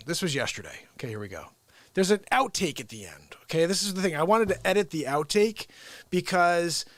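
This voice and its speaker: A man's voice: fairly high pitch, no echo. Rambling male livestream host. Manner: rambling and chatty, trailing off mid-thought. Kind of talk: casual livestream chat.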